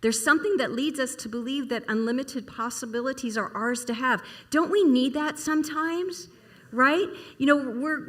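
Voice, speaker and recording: A woman's voice: fairly high pitch, a bit bright. A middle-aged woman minister giving a casual, storytelling sermon and asking her congregation questions in a church service. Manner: chatty, storytelling, asks the audience questions.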